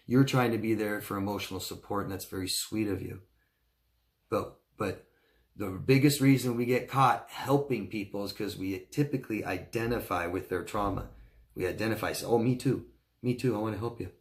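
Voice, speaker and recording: A man working as a relationship coach, answering viewer questions in a reassuring way and often checking in with "okay?". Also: moderate pace. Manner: acts out quoted friends in a higher, excited voice.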